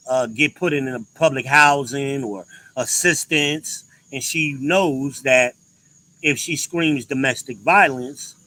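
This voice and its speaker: A man's voice: fairly high pitch, sharp tone, low-quality recording. A man hosting a show, giving a blunt, profane commentary with emphatic inflections. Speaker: podcast host. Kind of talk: ranting commentary.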